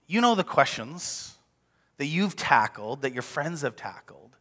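A male pastor preaching a sermon in an animated, conversational way. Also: fairly high pitch, a little slow, in a large hall. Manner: animated, conversational, acts out quotes.

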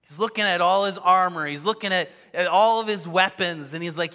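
A man preaching a sermon, telling a scripture story with expressive acted-out quotes. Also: high voice, brisk, few pauses. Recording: long hall reverb.

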